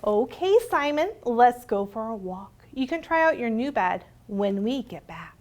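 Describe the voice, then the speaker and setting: A woman children's librarian reading a picture book aloud, expressive and sing-song as she talks to young listeners. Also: fairly high pitch, unhurried.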